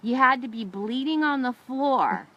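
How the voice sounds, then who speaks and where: Animated middle-aged woman sharing a testimony. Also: high-pitched, measured pace, muffled recording. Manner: emotional storytelling, animated, asks listener questions. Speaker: ministry show co-host. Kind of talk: testimony and encouragement talk.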